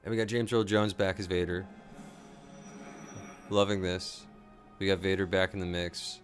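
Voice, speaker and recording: A man hosting a live episode reaction, an excitable fan who is tired and a little out of it late at night. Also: low voice, normal speed, soft background music. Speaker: show host.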